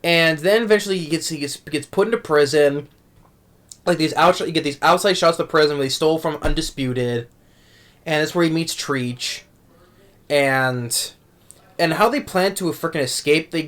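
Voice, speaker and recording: A young man giving a rambling, exasperated movie review rant at home, tripping over his words and restarting often. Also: a little high.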